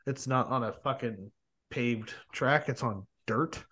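A young man hosting a podcast, chatting casually in a rambling, excited way with plenty of swearing. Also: mid-range voice, takes it slowly, slightly rough. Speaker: podcast host. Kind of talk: casual chat.

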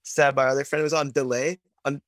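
A man in casual podcast chat, talking excitedly and chattily. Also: medium pitch, fairly quick, dry recording.

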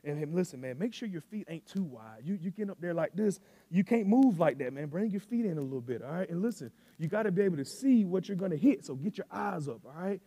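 A man preaching a sermon, telling a coaching story in a relaxed, slangy way that swells into loud shouting. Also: high voice, fast, few pauses, slightly rough, dry recording, in a large hall. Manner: coaching, conversational, with southern-style slang. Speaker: pastor.

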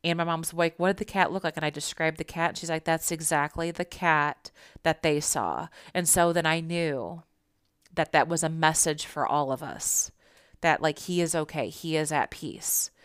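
A woman's voice: deep voice, moderate pace, smooth, no room sound, studio quality. A young woman telling a personal story and teaching about spiritual signs in an earnest, reassuring, conversational way.

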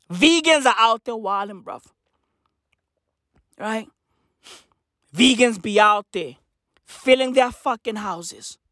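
A man's voice: very high-pitched, fairly bright tone, dry recording, studio quality. A man from Africa delivering a profane, slang-heavy comedic rant with an emphatic, mocking manner.

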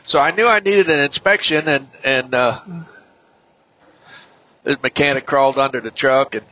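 A middle-aged man, a podcast guest, giving a personal testimony in a halting way, with many fillers and restarts. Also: mid-range voice, sharp tone, no room sound, rough recording.

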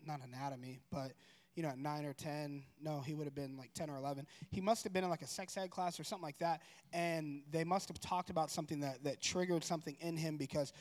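A man telling a personal story in a casual, rambling way, correcting himself and growing animated. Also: fairly high pitch, fast. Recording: long room reverb.

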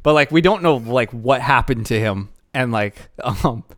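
A man in casual podcast chat, excitable and rambling, quick to jump in with his own thoughts. His voice is at a middling pitch and sounds dry and close-miked. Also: no room sound. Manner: excitable, laughing, rambling with many "like" fillers. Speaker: podcast co-host.

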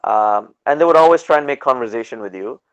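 A man from Canada, a podcast guest, telling stories in a casual, animated way and acting out the people he quotes. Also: medium pitch, quick pace, clear, resonant tone. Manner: animated, acts out dialogue in quoted voices, laughs often. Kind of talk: casual storytelling in a podcast interview. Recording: dull lo-fi podcast audio.

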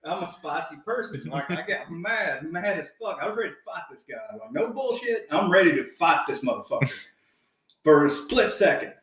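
A man's voice: high voice, moderate pace, a crowd in the background. A man co-hosting a podcast, telling a story in casual chat, swearing freely and laughing as he goes. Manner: profane, animated, laughs while telling. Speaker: podcast co-host. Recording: very echoey room, voice far from mic.

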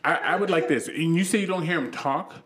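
A man's voice: fairly high pitch, brisk, noisy background. A man telling crude jokes in casual banter, swearing and laughing as he talks. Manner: profane, animated, laughing storyteller.

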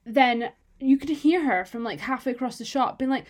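A young woman from the UK co-hosting a casual chat, talking fast with lots of "like" fillers and the odd swear. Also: high-pitched. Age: young adult. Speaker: podcast co-host.

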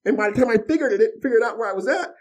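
A middle-aged man casually telling a story, animated, acting out quotes and often tagging "right?". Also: very high-pitched, rapid-fire. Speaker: podcast guest telling a story.

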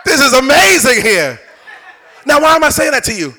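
A man preaching a sermon as bishop, telling a funny personal story to his congregation with asides and laughs, then building into shouted, fervent preaching. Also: very high-pitched, sing-song, moderate pace, a faint crowd. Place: church before a congregation.

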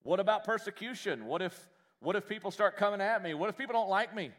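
A pastor with a drawl preaches to his congregation, slipping into jokes and folksy asides. His voice sits a little high for a man and swings up when he gets excited. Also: fast, few pauses. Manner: folksy, joking, animated preaching. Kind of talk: sermon. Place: church.

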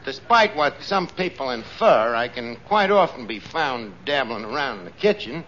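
An actor playing a scheming, wisecracking tavern manager in a 1940s radio comedy. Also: male voice, medium pitch, a crowd in the background, lightly acted. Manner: fast-talking, lively wisecracks. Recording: muffled old radio broadcast with hiss.

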